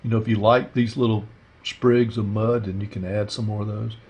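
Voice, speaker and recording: Male art instructor, gravelly and low-pitched, easygoing think-aloud demo delivery. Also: moderate pace. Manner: relaxed, rambling, thinks aloud with fillers. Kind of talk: casual painting demonstration.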